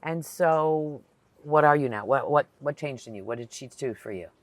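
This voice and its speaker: A woman's voice: low voice, normal speed, no echo. A woman hosting a podcast interview, prompting her guest with short questions and reactions. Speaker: podcast host. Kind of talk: casual interview chat.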